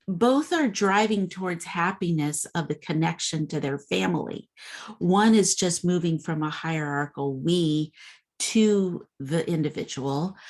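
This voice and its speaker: A woman with a notably low voice gives an informal recorded lecture. She talks conversationally, with plenty of fillers and restarts as she explains. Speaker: instructor.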